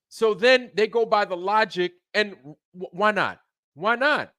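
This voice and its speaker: A man's voice: high-pitched, lively intonation, unhurried, pushed and bright, dry recording. A man hosting his channel, delivering an angry, profane rant full of repeated phrases. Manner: heated, profane, repeats himself. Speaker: channel host.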